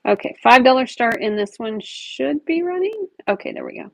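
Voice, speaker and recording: A woman hosting a live auction with a gravelly, fry-edged voice, talking in an easygoing, chatty way as she shows off each piece. The sound is dry and close, with no room echo. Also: fairly high pitch, animated, normal speed. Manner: chatty, describes items while handling them. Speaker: online jewelry seller running a live auction. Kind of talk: casual live-stream selling chat.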